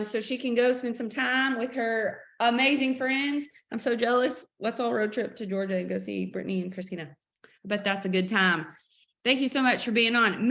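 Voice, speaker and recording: A woman's voice: fairly high pitch, a bit bright. A woman hosting a sales team video call, upbeat and preachy, acting out family stories as she motivates her team.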